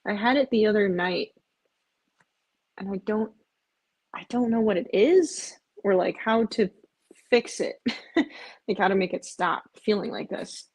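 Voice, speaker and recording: Woman, live-stream host, husky voice, casual rambling chat, cooing at pets. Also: unhurried, long pauses, a little mellow. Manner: chatty, rambling, often breaks off to coax her cats in a high cooing voice.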